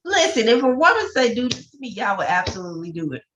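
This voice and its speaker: A woman's voice: on the high side, big pitch swings, fast, fairly bright tone, slight background noise. A woman co-hosting a casual film review chat, blunt and teasing. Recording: muffled lo-fi sound.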